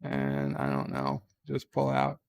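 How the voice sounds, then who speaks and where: A man's voice: rumbling low, very animated, vocal fry, clean tone. A man who tells a rambling story in a casual vlog, with many fillers and restarts. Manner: rambling, slow, filler-heavy. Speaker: vlogger.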